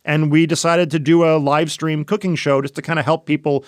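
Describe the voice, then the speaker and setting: A man's voice: fairly high pitch, level tone, fairly quick, no room sound, studio quality. A man guesting on a podcast as a chef, talking casually in a rambling way full of fillers and restarts. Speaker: guest chef and cookbook author.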